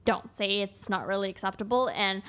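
Blunt, animated young woman telling stories. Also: medium pitch, normal speed, clear, resonant tone. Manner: blunt, animated storyteller acting out dialogue. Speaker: podcast guest, construction taper. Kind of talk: casual podcast chat.

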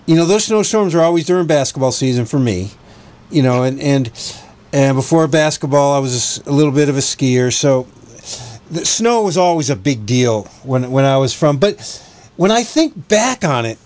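A man's voice: mid-range voice, animated, normal speed, darkish tone. A man hosting a casual sports talk show, telling stories in a rambling way with restarts and self-corrections. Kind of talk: casual sports radio chat.

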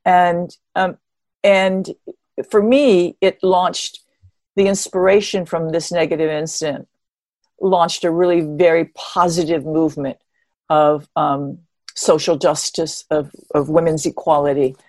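Older woman guest with a lowish voice, recorded dry and close, telling stories with wry humor. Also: unhurried, no room sound. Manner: animated, expressive storyteller with a wry humor. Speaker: interview guest, pioneering marathon runner. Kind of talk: conversational storytelling.

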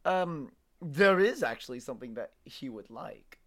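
A smug male spirit speaking from a glowing mark, as a man running the game voices him. He drawls his offers slowly and teasingly, with an ordinary mid-range pitch and a sassy edge. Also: lively intonation, natural voice. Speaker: game master.

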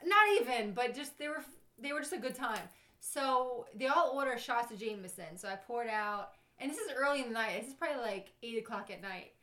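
High-voiced young woman, giggly storyteller. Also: brisk. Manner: animated, laughs often while telling stories. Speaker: podcast guest. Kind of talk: casual storytelling chat. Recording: roomy echo.

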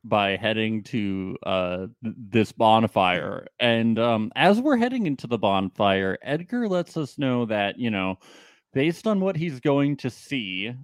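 A man's voice: on the low side, sing-song, slow pace, dry recording, studio quality. A man co-hosting a casual podcast, recapping a reality show with jokes and laughter. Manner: joking, often laughing, quoting people in put-on voices. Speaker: podcast co-host.

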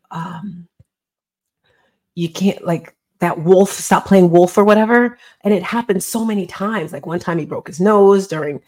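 A woman's voice: medium pitch, darkish tone. A middle-aged woman, an interview guest and author, earnestly retelling a personal story in a conversational way and acting out the dialogue.

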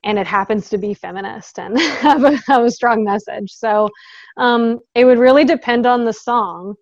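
A chatty woman with a slightly high voice chats as an interview guest, laughing often and filling pauses. Her voice is dry and close, but the sound is dull and lo-fi, as over a video call. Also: no room sound. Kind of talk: casual interview chat.

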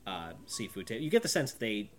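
Animated game master man over music. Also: on the low side, brisk. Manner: relaxed, lots of fillers. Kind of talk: narrating a tabletop game. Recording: background music.

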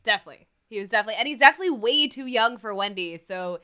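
A woman's voice: a little high, rapid-fire, clean tone. A woman co-hosting a podcast, chatting casually with lots of laughter and playful quoting of characters. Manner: giggly, animated, quotes characters in playful voices. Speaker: podcast co-host recapping a TV episode. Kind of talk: casual chat.

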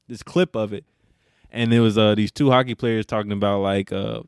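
A young man co-hosting a podcast, telling a story in animated, profane slang. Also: on the low side, moderate pace, clear, resonant tone, no echo, studio quality. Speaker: podcast co-host. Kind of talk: casual chat.

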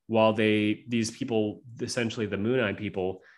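A man co-hosting a podcast, telling a story in casual chat with an animated, profane, rambling manner. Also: fairly low pitch, moderate pace.

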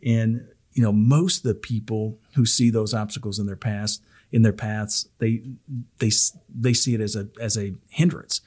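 A man's voice: fairly low pitch, fairly even intonation, moderate pace, darkish tone. A middle-aged man hosting a podcast on public speaking, talking in a rambling, casual way full of restarts and fillers.

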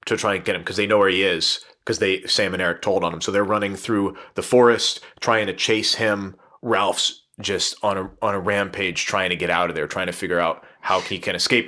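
Man, lower register, casual podcast chat, animated storyteller who quotes the characters. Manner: animated, laughs often, acts out quotes. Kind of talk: casual chat retelling a book.

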